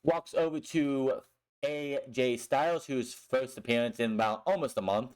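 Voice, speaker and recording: A man's voice: mid-range voice, moderate pace, clean tone. A young man recapping a wrestling show in a casual, blunt way, swearing often and sounding frustrated with the booking.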